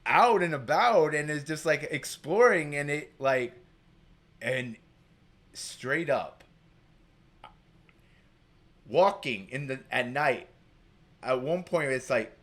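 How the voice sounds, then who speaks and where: Rambling man with a higher voice. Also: animated, slow pace, pauses often, fairly bright tone. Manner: rambling, heavy on filler words. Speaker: guest. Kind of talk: casual storytelling.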